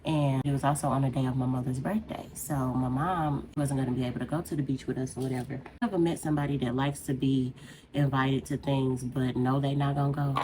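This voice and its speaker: A woman's voice: extremely low pitch, steady tone, brisk, background noise. A woman beauty vlogger talking casually and heartfelt as she rambles through a personal story while doing her makeup.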